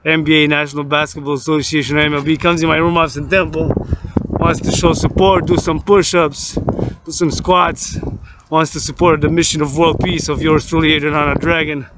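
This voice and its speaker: Vlogger, male, somewhat high voice, rambling and repetitive monologue, recorded outside with heavy traffic noise. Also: flat delivery, fairly quick. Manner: repetitive, lists things over and over. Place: outdoors near a street with passing vehicles. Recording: loud traffic noise outdoors.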